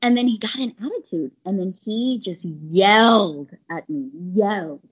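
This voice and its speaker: Woman guest, mid-pitched, lively storyteller, slightly dull lo-fi sound. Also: measured pace, slightly rough. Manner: chatty, animated retelling with quoted voices. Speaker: pharmaceutical sales rep. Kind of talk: conversational interview storytelling.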